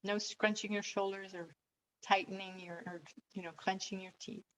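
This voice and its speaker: A woman coach leading a calm guided relaxation and breathing exercise, giving gentle step-by-step instructions. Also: mid-range voice, moderate pace, a little hiss or hum, low-quality recording.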